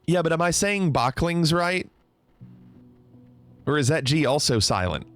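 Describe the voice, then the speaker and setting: A playful man chats with his viewers, his pitch swinging widely as he teases and laughs. Soft music plays faintly in the background. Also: lively intonation, moderate pace, pauses often. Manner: playful, teasing, laughs often. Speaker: streamer. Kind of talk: casual livestream chat reading viewer comments.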